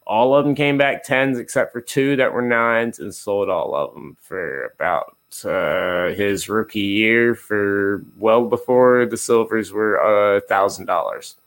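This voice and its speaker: A man with a somewhat low voice answers questions as a guest. His talk is relaxed and rambling, full of restarts and casual asides. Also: a little slow, few pauses. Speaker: guest, card collector and dealer. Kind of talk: casual interview chat.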